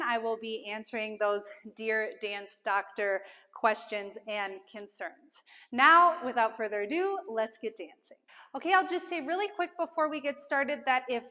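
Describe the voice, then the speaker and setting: A woman's voice: fairly high pitch, sharp tone, big-room sound. A woman teaching a dance lesson, chatting in an encouraging way and counting the beats aloud. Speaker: dance instructor.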